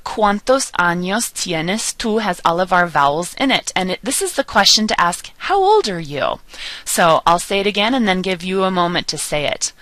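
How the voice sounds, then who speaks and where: A woman teaching a beginner Spanish lesson, drilling sounds slowly and pausing for learners to repeat. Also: lowish voice, sing-song, fairly bright tone, no room sound. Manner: slow, patient drilling with pauses for repetition. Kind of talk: recorded online lesson.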